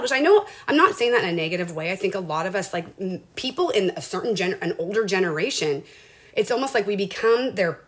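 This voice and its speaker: A woman's voice: mid-range voice, fairly bright tone. Earnest, emotional woman livestreaming. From Washington State. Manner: emotional, earnest, rambling with restarts. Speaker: lifestyle livestreamer. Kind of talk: casual motivational livestream talk.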